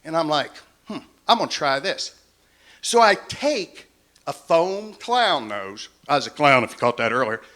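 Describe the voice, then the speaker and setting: A stand-up comedian in his fifties performs on a comedy club stage, his voice high and lively, his delivery a little slow. His set is folksy storytelling with a self-deprecating streak.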